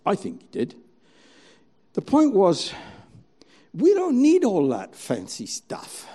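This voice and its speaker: A man's voice: high voice, wildly swooping pitch, slow, mellow, husky. A man preaching a sermon, telling a story and acting out its scenes dramatically.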